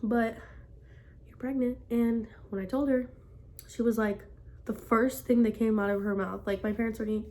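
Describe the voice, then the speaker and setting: A woman's voice: a little high, steady tone, normal speed, darkish tone. A young woman telling a personal story in a casual vlog, rambling with constant "like" fillers. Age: young adult. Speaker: vlogger.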